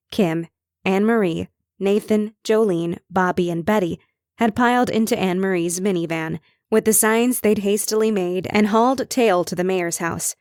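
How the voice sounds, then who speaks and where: A woman reading a cozy mystery audiobook in measured, even storytelling narration. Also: medium pitch, no room sound, studio quality. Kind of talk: scripted narration.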